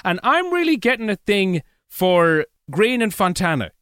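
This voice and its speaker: A man's voice: high voice, sing-song, moderate pace, a bit bright, clear, resonant tone, dry recording, studio quality. A man with an Irish accent, a podcast guest chatting casually, joking and rambling with frequent restarts. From Ireland. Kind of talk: casual chat.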